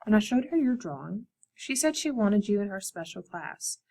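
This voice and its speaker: A woman's voice: mid-range voice, big pitch swings, moderate pace, gravelly, mellow. Woman reading as a kind male schoolteacher. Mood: encouraging. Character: kindly male schoolteacher encouraging a young artist.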